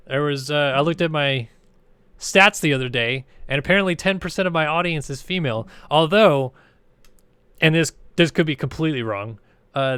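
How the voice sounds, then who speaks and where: A laid-back man talks his way through a racing game stream, rambling from one thought to the next in easy chat. His voice sits at a middle pitch and sounds smooth and clear. The room is dry, with no echo. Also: fairly bright tone. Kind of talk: casual live-stream commentary.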